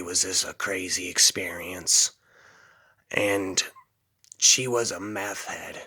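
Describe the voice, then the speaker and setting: A man's voice: low voice, bright, forceful tone, slightly rough. A man telling a rambling personal story casually, dropping "man" between phrases. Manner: rambling, drawls, fillers like "man".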